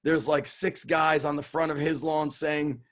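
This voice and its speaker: A middle-aged man from Israel, a strength coach telling lively, profane stories in an interview and acting out the voices of the people in them. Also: on the high side, a little slow. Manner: animated, profane, acts out quoted voices. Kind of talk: casual storytelling interview.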